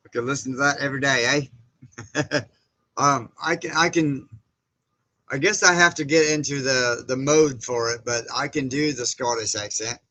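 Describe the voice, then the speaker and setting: Bright-voiced man chatting on a livestream. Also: medium pitch, moderate pace, rough recording. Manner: chatty, greets viewers and reads chat comments aloud; rambling with frequent fillers and restarts. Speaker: livestream host. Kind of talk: casual live-stream chat.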